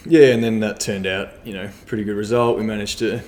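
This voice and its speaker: A man, a club cricketer talking casually in an interview, relaxed and rambling with lots of fillers. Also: fairly low pitch, a little fast.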